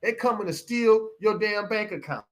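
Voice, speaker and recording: A man's voice: sits high, moderate pace. A middle-aged man from Pontiac, hosting a live broadcast and delivering a heated, preachy rant that repeats phrases for emphasis. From Pontiac, Michigan. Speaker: show host.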